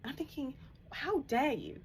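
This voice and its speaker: A woman, vividly retelling a personal story on her vlog, animated and emphatic, with bursts of laughter. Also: sits high, normal speed, creaky, slight background noise. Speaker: vlogger.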